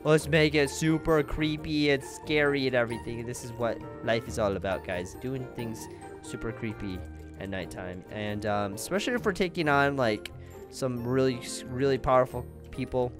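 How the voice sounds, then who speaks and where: A man hosting his gaming channel, giving chatty, excitable gameplay commentary and talking straight to his viewers. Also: mid-range voice, moderate pace, over music. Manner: excitable, chatty, keeps addressing viewers as guys.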